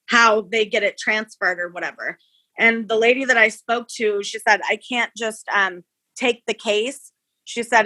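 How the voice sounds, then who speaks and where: The victim's niece, a woman with a medium-pitched voice on a rough recording, casually recounts events in an interview. She's an animated storyteller who acts out the people she quotes.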